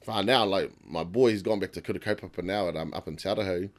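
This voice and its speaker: A man with a New Zealand accent talks in an easygoing podcast chat, sitting a little low in pitch. He swears freely and laughs a lot, getting animated when he tells a story. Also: quick pace, a loud crowd. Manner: casual, swears, laughs often, animated retelling. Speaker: podcast guest, tattoo artist. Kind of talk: casual chat.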